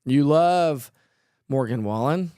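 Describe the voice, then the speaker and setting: A man's voice: medium pitch, expressive, slow pace, dark tone, clean tone. A middle-aged man hosts a live weather stream, casually reading out viewers' comments and answering them. His speech is chatty and loose, with frequent fillers. The sound is dry and close, with no room echo. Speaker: weather show host.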